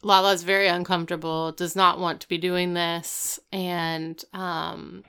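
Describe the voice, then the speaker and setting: A woman's voice: lowish voice, flat delivery, unhurried, pushed and bright, smooth. A woman co-hosting a podcast, recapping a TV episode in casual, wry chat full of asides. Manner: chatty, wry, lots of "like" asides. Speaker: podcast co-host.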